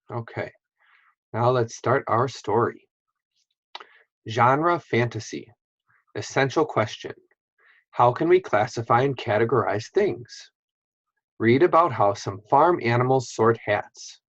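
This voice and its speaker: A man teaching a phonics lesson to young children, reading word lists slowly and clearly. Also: medium pitch, no room sound, dull audio.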